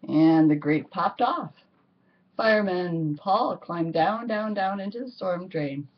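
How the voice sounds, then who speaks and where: A woman reading a children's picture book aloud, expressive and drawing out words for effect. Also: fairly low pitch, slow, slight background noise. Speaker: storybook reader. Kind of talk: children's story read-aloud. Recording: muffled lo-fi recording.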